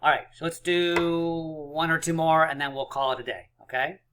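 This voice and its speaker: A man's voice: a little high, fairly even intonation, normal speed, pushed and bright, smooth. A male teacher leading a counting lesson for young children, encouraging and playful as he counts dots aloud.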